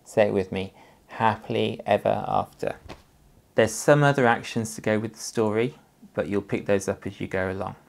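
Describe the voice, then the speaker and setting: A man's voice: lowish voice, fairly quick, creaky. A male primary school teacher leading a story lesson with actions, giving patient, encouraging instructions to young children.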